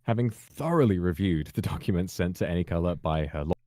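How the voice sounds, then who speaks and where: A man reading a prepared public statement in a measured, formal, carefully worded way. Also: low voice, animated, darkish tone, dry recording, clean studio sound. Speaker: person giving a public statement.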